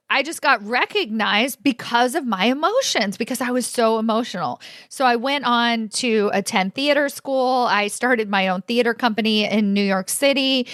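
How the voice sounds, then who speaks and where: A woman in her forties telling a personal story to her audience, animated and expressive. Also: medium pitch, smooth, dry recording, studio quality. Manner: animated, expressive, laughs often. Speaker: career coach and host.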